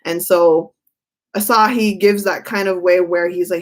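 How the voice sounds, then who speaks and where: A woman's voice: on the low side, unhurried. A woman doing a live-stream tarot reading, chatty and given to laughing as she talks. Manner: chatty, laughs often, reads chat aloud.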